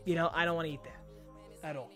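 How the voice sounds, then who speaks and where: A man's voice: on the high side, steady tone, a little fast, bright, forceful tone, faint music behind. Crude Brooklyn man joking around. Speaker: host. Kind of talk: casual chat.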